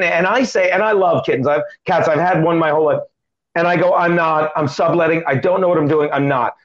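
A middle-aged male comedian telling a long story in an interview, with animated, quick joking delivery and acted-out quotes. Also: high voice. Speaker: comedian guest. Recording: dull lo-fi sound.

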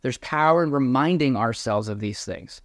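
A man's voice: mid-range voice, lively intonation, normal speed, dry recording. Earnest male pastor preaching, dry close sound. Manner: earnest, building to emphatic points, then quieter prayer. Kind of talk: sermon.

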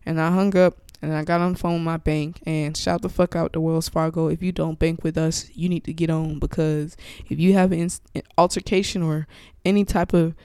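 Gravelly, blunt-talking woman podcast host. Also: sits low, a little fast, no echo, studio quality. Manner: profane, blunt and animated, acts out quoted exchanges. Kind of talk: casual storytelling chat. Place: at home, with her dog nearby. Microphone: podcast mic, wearing headphones.

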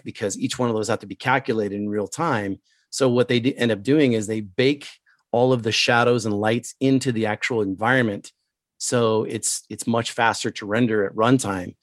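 Male co-host, lowish voice, dry close sound, hesitant casual tech talk, a bit rough today. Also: no echo. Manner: halting, many ums, shares screen. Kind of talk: casual technical chat.

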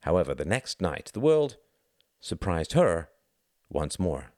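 A man reading a novel aloud as narrator, in a measured storytelling manner. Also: sits low, sing-song, darkish tone, no echo, studio quality. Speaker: audiobook reader.

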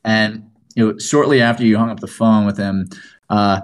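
A man's voice: lowish voice, fairly even intonation, moderate pace. A man co-hosting a podcast in casual chat, laughing often and cutting in with side stories. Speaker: podcast co-host.

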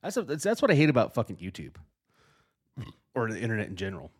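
A man's voice: lowish voice, quick pace, breathy edge. A middle-aged man co-hosting a podcast, telling a story in casual chat with lots of swearing and acted-out quotes. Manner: profane, animated storytelling, acting out quotes. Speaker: podcast co-host.

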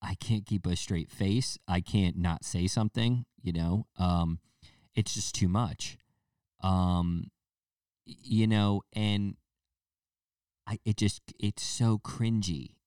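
A man's voice: sits low, steady tone, slow pace, darkish tone, smooth, no room sound, studio quality, distant mic. A man hosting a casual solo podcast, rambling with restarts and fillers and now and then mocking people in a put-on baby voice. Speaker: podcast host.

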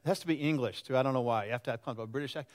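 A man's voice: mid-range voice, rapid-fire. A pastor in his sixties gives a conversational sermon and often puts questions to the congregation. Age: 60s. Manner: lively and animated.

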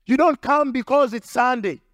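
High-pitched guy preaching hard, repeats lines for punch, close dry mic. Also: moderate pace, fairly bright tone, dry recording. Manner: emphatic preaching with repetition and acted quotes. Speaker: pastor. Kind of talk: sermon.

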